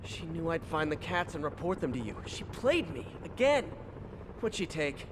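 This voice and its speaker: A man's voice: a little high, very animated, normal speed, noisy background. A man voicing a wisecracking young male superhero in a video game, with dry, joking asides. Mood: puzzled. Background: game music.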